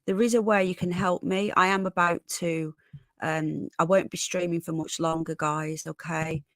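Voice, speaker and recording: A tired woman with a Northern English accent hosts a casual livestream, reading chat and greeting viewers by name while calling them darling and sweetheart. Her voice is fairly low and fairly bright with a fairly even intonation at a moderate pace, in clean studio sound with no echo.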